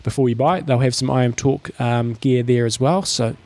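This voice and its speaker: A man co-hosting a podcast, chatting casually in a relaxed, rambling way with many fillers. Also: medium pitch, a little fast, no echo. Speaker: podcast co-host. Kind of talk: casual chat.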